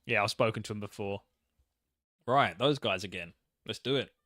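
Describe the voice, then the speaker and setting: A man's voice: fairly low pitch, normal speed, fairly bright tone, dry recording, clean studio sound. A man casually commenting on a game he is playing, joking and mocking himself as he reads the text aloud. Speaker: gaming channel host. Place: home setup, in England.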